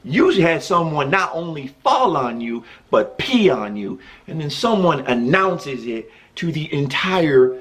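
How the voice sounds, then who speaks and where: A man with a rather high voice tells a personal story in a relaxed, casual way. He is animated and jokey and keeps breaking into chuckles as he talks. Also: measured pace, few pauses. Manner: chuckles often while telling.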